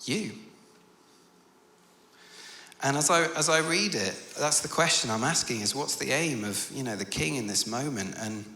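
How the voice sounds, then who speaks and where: Guy preaching at a conference, earnest then lively in the stories, big echoey hall. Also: mid-range voice, a little fast. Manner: earnest, turns animated and loud when telling stories. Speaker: conference speaker. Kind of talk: storytelling sermon.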